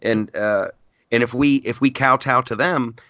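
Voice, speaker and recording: Middle-aged comedian guy, animated storyteller, tripping over his first words, crisp bright tone. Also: mid-range voice, a little slow, dry recording. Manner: animated, repeats words when starting sentences. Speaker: stand-up comedian guest. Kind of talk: casual interview storytelling.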